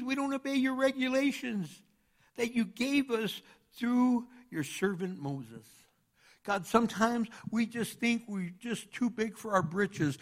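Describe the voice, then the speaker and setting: A man preaching a sermon, animated, jumping between loud outbursts and quiet asides as he acts out the people in his stories. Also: high-pitched. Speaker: pastor.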